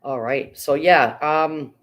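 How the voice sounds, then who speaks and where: A woman's voice: low voice, slow, rough recording. Older woman, livestream host, casual home chat, rambling, reads out comments, swears now and then.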